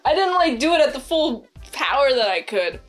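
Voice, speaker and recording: A woman reviewing a series in a loose, chatty recap, her fairly high voice bouncing with excitement. She leans on "like" constantly as she talks. Faint music plays behind her. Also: normal speed. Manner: chatty and excitable, heavy use of "like", acts out quoted lines. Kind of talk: casual episode recap.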